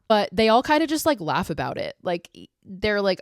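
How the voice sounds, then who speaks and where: A woman's voice: fairly low pitch, quick pace, few pauses, dry recording, clean studio sound. A young adult woman hosting a podcast, casually retelling a horror film with lots of swearing and acted-out quotes. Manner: animated, profane, acts out characters' lines. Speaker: podcast host.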